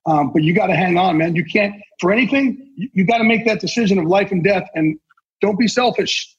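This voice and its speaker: A man's voice: high-pitched, a little fast, breathy edge. A man guesting on a podcast, talking intensely and earnestly with salty language. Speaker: guest, sportswriter and NFL insider. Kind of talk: casual podcast conversation. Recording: dull lo-fi sound.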